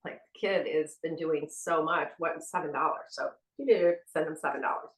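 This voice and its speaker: A woman hosting a podcast, telling stories in a casual, animated way and acting out the dialogue. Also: sits low, fairly quick. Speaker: podcast host. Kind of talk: casual storytelling. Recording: roomy sound from a distant mic.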